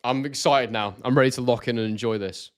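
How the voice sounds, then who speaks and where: A man's voice: medium pitch, a little fast. Chatty British man with a London-like accent. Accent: southern English, London-like. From Scotland. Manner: chatty, reads out chat messages, excitable. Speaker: live stream host, boxing analyst. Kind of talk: casual live-stream commentary.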